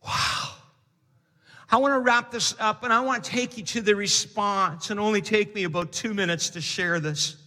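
A man delivers a sermon to his congregation. His voice sits very high and rings bright as he climbs into shouted emphasis. The sound carries a long reverb from a large church hall. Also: fairly even intonation, moderate pace. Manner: preaching with rising, shouted emphasis. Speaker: pastor.

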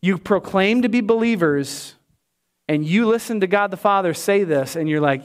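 A man preaching a sermon as a pastor, animated and shifting between loud emphatic lines and hushed, quiet ones. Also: high voice, moderate pace.

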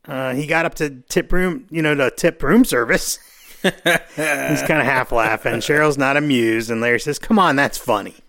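A man co-hosting a podcast casually recaps a TV episode, acting out the characters' lines. He is animated and performs scenes using put-on quotes. His voice is mid-range, at a moderate pace.

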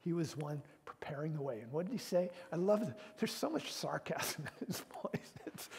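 A man, a pastor, giving a sermon in an earnest, conversational way, at times dropping into hushed tones, and moving into prayer. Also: a little high, animated, moderate pace, vocal fry, hardly any pauses. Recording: long reverb.

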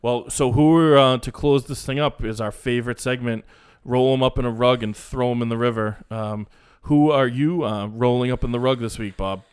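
A man co-hosting a casual sports podcast, rambling and animated, with restarts and mocking asides. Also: mid-range voice, moderate pace, clean tone. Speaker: podcast co-host.

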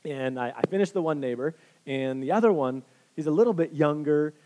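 A man preaching a sermon, telling personal stories with lively, self-deprecating humor and frequent restarts. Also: a little high, a little fast. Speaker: pastor.

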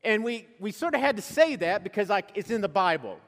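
A man's voice: sits high, fairly quick. A male pastor preaching a sermon, telling stories and acting out quoted voices as he goes. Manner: animated storytelling with quoted asides. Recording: long hall reverb.

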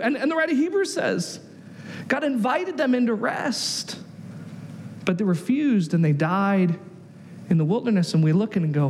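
A man preaching a sermon as pastor, an animated storyteller who acts out the voices he quotes. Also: very high-pitched, moderate pace, big-room sound, slight background noise.

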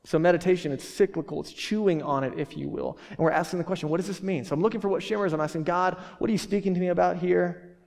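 A man's voice: sits high, quick pace, gravelly, darkish tone. Casual joking pastor, man, hall echo. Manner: casual, joking, many fillers and restarts. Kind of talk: sermon. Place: church hall. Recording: reverberant church hall.

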